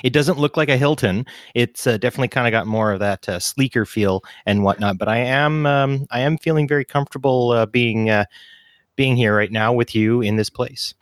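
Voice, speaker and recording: A man from Alberta, Canada, a podcast guest, joking and halting with many fillers. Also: medium pitch, no echo, studio quality. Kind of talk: casual podcast banter.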